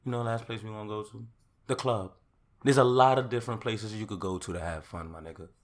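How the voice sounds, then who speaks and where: A young man hosting his own podcast, ranting in a casual monologue that swings from loud outbursts to calmer talk. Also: on the low side, quick pace. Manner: rants loudly, then calms down. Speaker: podcast host.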